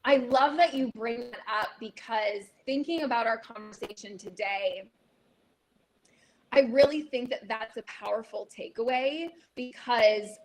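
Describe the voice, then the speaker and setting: A woman's voice: on the high side, rough recording. A woman appearing as a guest on a talk show, speaking in an affirming, thoughtful way. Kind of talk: conversational talk show chat.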